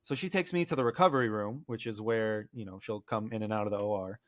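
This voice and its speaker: A man with a lowish voice speaks at a quick pace, recorded clean in a studio with no room sound. As a podcast co-host, he tells friends a long, rambling story, acting out what others said and using lots of filler words.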